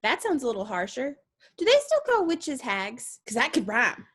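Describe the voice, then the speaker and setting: A woman's voice: fairly high pitch, very animated, normal speed, a bit bright, slightly rough, full character voice. An actress with a Southern US accent playing a bubbly, chatty young Southern girl who giggles and rambles on politely. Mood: giggling. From New Orleans, US South. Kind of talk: stage play acting.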